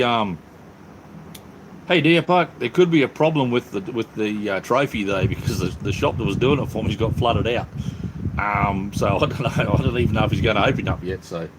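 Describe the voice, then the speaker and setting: A man's voice: medium pitch, fairly quick, background noise. An Australian man hosting a casual live chat from his workshop, easygoing and calling everyone mate. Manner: laid-back, calls everyone mate. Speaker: livestream host. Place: home workshop.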